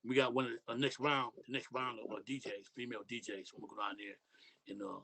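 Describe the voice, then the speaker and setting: Fast-talking middle-aged man from Detroit. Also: medium pitch, flat delivery, vocal fry, bright, forceful tone. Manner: loose street talk with frequent "you know what I mean". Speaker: podcast guest. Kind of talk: casual interview chat.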